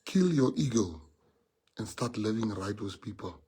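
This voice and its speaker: A man's voice: on the low side, lively intonation, unhurried, warm tone, breathy edge. A man with a South African accent, a party leader giving a heartfelt speech to his members, earnest and repeating key phrases for emphasis.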